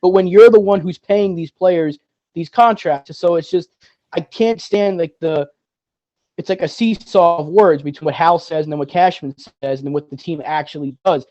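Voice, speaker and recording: A frustrated man arguing sports on a podcast in a rapid-fire run. His voice is a little high yet mellow in tone, and the sound is dull, dry and lo-fi. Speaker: podcast co-host. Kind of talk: casual sports chat.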